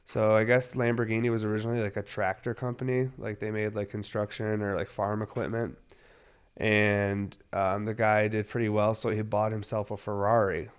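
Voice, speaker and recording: Man, 30s, low voice; loose, filler-heavy, profane vlogger chat. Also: flat delivery, moderate pace, smooth. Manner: loose, rambling, heavy on fillers, swears often. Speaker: cannabis vlogger. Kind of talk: casual rambling monologue.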